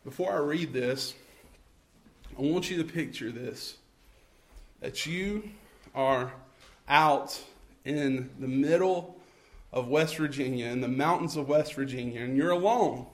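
A man's voice: mid-range voice, measured pace, pauses often. A man preaching a sermon, conversational and self-correcting, acting out scenes and building to fervent calls. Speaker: pastor.

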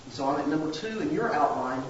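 A man's voice: fairly high pitch, animated, fast talker, a little hiss or hum. Earnest male pastor preaching from a distance in a hall full of echo. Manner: earnest preaching with a folksy aside. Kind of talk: sermon. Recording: very echoey church sanctuary, distant mic, dull.

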